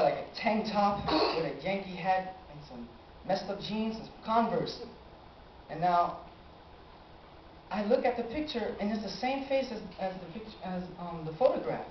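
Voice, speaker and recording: An eighteen-year-old man telling a personal story on stage, animated and acting out his own reactions. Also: high-pitched, slight background noise. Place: live stage in a small cafe venue. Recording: roomy, dull amateur live recording.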